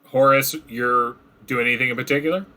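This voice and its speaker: Bright-voiced man running a tabletop game. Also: medium pitch, steady tone, brisk. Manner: rambling, filler-heavy descriptions. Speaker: game master.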